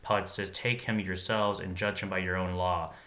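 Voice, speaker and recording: Deep bright-toned man reading scripture. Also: level tone. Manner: reads scripture aloud, then pauses to muse and wonder aloud. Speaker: Bible reader and commentator. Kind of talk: Bible reading with informal commentary.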